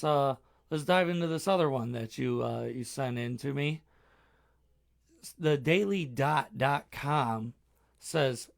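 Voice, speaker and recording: A man's voice: medium pitch, vocal fry. A man co-hosting a casual live chat show, blunt and opinionated, with a joking edge. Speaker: podcast co-host.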